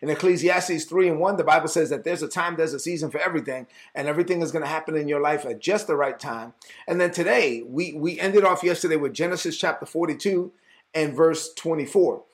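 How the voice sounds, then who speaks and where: A man preaching a casual Bible teaching, talking to listeners in a conversational, animated way and acting out the people in the story. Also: a little high, brisk. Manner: conversational, animated, acts out dialogue.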